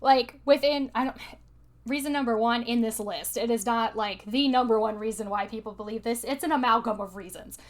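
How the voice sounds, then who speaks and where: High-voiced chatty young woman. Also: fairly quick. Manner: chatty, laughing often, many fillers. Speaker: podcast co-host presenting slides. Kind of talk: casual chat.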